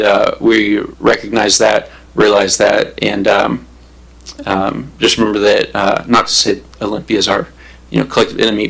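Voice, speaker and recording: A man on the city council giving remarks at a public meeting, halting and full of fillers. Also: fairly low pitch, creaky, fairly bright tone, low-quality recording. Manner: halting, many fillers and restarts. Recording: government meeting broadcast.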